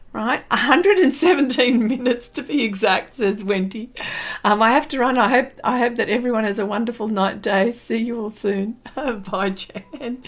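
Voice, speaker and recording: Chatty Australian woman, higher voice. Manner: chatty, reads viewer comments aloud and laughs often. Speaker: artist live streaming. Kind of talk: casual chat while drawing.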